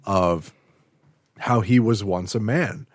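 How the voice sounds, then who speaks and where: A man hosting a podcast, retelling an episode in a casual, animated storytelling way. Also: lowish voice, takes it slowly, no room sound, studio quality. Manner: animated storytelling, acting out quotes. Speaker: podcast host.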